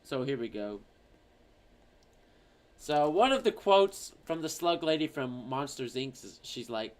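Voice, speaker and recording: A man streaming, chatting casually and reading out viewer comments in an animated, rambling, profane way. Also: mid-range voice, moderate pace, vocal fry.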